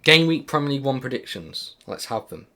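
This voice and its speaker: A young British man co-hosts a casual football podcast, mocking himself and laughing easily in relaxed chat. He has a British English accent and a medium-pitched voice with big swings in pitch. He talks fairly quickly in a sharp tone.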